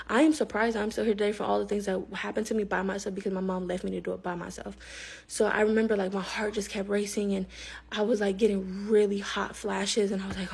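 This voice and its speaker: A young woman telling a personal story in a rapid, emphatic way, acting out the people she quotes. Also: medium pitch, vocal fry, a little mellow, slightly rough. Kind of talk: storytime narration.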